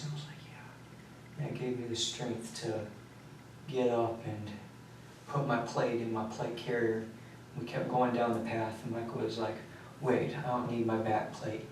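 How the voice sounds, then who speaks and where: Flat-voiced young man, echoey and distant. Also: mid-range voice. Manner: flat, halting and detached, with many pauses and fillers. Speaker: suspect giving a police confession. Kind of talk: recorded police interview. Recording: echoey room recording from far off, faint hiss.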